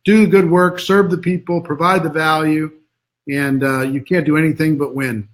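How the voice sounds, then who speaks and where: A man's voice: a little high, level tone, moderate pace. Earnest middle-aged American man encouraging. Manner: earnest, encouraging, repeats words while searching. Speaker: interview guest. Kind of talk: motivational talk on a live stream.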